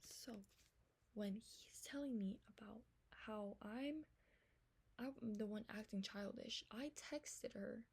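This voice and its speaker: Her voice fairly high, gravelly and husky, a young woman relates a text argument in a storytime vlog. She's rapid, foul-mouthed and exasperated, shifting between loud venting and hushed side comments.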